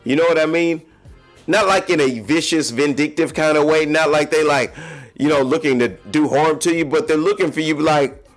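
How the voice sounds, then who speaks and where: A man's voice: a little high, normal speed, faint music behind. A man hosting a podcast, talking candidly and confessionally straight to his listeners in a casual solo monologue. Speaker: podcast host.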